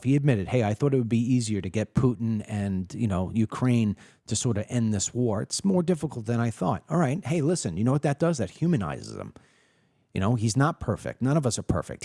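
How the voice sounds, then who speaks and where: A man hosting a political podcast, giving opinionated commentary and acting out quoted people in an animated storytelling way. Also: mid-range voice, no echo, clean studio sound.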